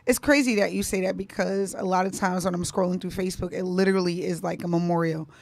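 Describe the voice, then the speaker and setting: A woman's voice: lowish voice, fairly even intonation, fast, gravelly, a little mellow, no echo. A woman co-hosting a live talk show, chatting casually and telling everyday stories. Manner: chatty storyteller, many fillers. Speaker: co-host.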